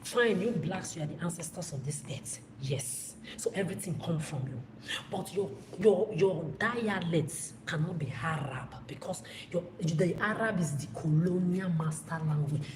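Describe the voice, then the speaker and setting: A woman from Africa, ranting to camera as a vlogger. She talks bluntly and angrily, swears freely and often stumbles and restarts her sentences. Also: deep voice. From West Africa. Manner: angry, blunt and profane, with repetitive restarts. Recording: echoey room with loud background noise.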